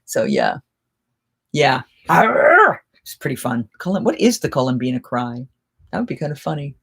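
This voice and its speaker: Animated middle-aged woman telling stories. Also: extremely low pitch, moderate pace, husky. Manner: animated, with sudden jumps in loudness. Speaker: renaissance festival performer hosting a live chat. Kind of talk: casual anecdotal storytelling.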